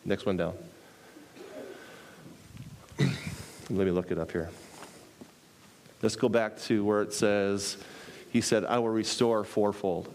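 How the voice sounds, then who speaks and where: A man preaching a sermon, animated, repeating phrases for emphasis and acting out little dialogues. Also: slow pace, pauses often, a little hiss or hum. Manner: animated, acts out dialogue with pitch jumps.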